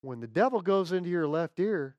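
A man preaching a sermon to a congregation, swinging between loud exclamations and hushed asides. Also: high-pitched, animated, fairly quick, dry recording, highs cut off. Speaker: pastor.

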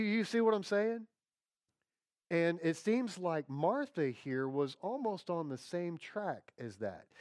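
A man preaching a sermon in a conversational, folksy way, checking in with his listeners and dropping to quiet tones for emphasis. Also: a little high, no room sound. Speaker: pastor.

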